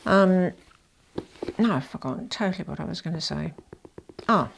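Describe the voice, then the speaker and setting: Gravelly low-voiced woman vlogging. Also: lively intonation, moderate pace, a little hiss or hum. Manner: chatty and self-deprecating, with asides and restarts. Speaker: fashion vlogger. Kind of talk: casual chat to camera.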